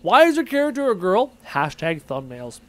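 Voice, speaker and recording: A man's voice: high-pitched, wildly swooping pitch, moderate pace, a bit bright. A young man live-streaming a game, casually reading chat messages aloud and answering them playfully. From Irish descent.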